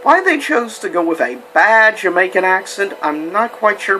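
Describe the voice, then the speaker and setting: A man's voice: high-pitched, very animated, normal speed, sharp tone, rough recording. Rambling man reviewing a movie over music. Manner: rambling, lots of fillers and restarts. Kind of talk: casual spoken movie review.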